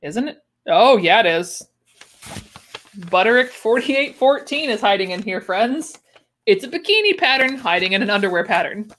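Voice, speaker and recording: A woman's voice: medium pitch, lively intonation, normal speed, a bit bright. A young woman chatting casually on a livestream, with wry asides and easy laughs. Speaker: livestream host unboxing sewing patterns. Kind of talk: casual chat.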